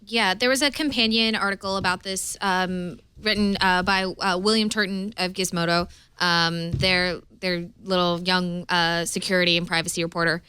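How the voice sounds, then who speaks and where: A woman speaking as a tech panel guest, with a low-set voice and a very smooth, clear tone. Her brightness cuts through. She talks casually, with plenty of fillers. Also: steady tone, moderate pace, few pauses.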